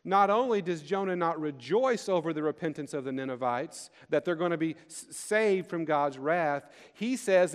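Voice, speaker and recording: Male pastor, slightly higher voice, earnest sermon delivery with slowed emphasis, long hall reverb. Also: smooth. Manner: earnest, rising and falling emphasis with slowed key phrases.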